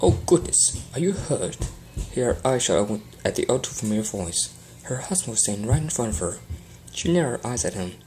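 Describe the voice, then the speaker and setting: Low-voiced woman reading a fan story. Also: quick pace, soft background music. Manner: expressive storytelling. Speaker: narrator.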